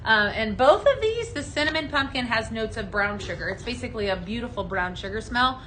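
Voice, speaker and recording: Bright, chatty woman hosting a live sales show. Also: on the high side, animated, a little fast, slight background noise, rough recording. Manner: chatty and upbeat, selling, reading viewer comments aloud. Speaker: host of a live home fragrance sales show. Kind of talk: live on-air product demo chat. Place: studio set under hot lights.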